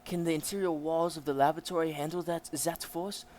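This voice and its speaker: A man's voice: fairly high pitch, fairly even intonation, brisk, a little mellow, slight background noise, voice pushed up, lightly acted. A man voicing a stiff scientist with a put-on German accent, explaining formally.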